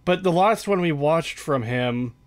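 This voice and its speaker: A man hosting a casual stream chat, dry and measured, steering the talk along. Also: a little high, animated.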